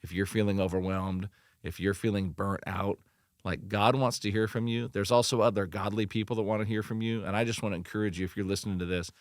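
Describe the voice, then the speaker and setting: A middle-aged man, a pastor, giving earnest, animated encouragement in a podcast interview, often restarting his sentences. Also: on the low side, fast talker, no room sound, studio quality. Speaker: pastor and church leadership consultant.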